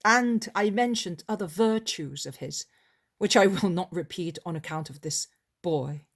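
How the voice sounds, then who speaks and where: A woman narrating an audiobook of a religious novel in a slow, deliberate reading. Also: lowish voice.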